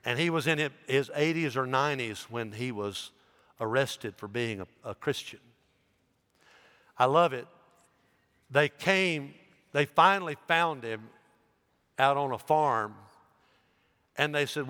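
Preacher telling a story, echoing hall. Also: male voice, medium pitch, expressive, unhurried, pauses often, bright, forceful tone, clear, resonant tone. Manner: storytelling with rising emphasis. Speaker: pastor. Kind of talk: sermon. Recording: long reverb in a large hall.

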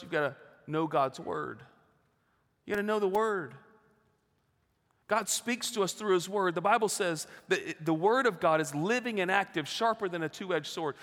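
Preacher in a reverberant sanctuary. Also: male voice, a little high, fairly bright tone. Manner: earnest, with rhetorical questions and repetition. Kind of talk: sermon. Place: church sanctuary. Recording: long hall reverb.

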